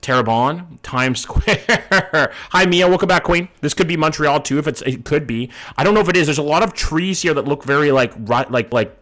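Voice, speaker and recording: A man's voice: on the high side, moderate pace, fairly bright tone. A man streaming a game live, thinking aloud in a casual way, swearing now and then and greeting his chat by name.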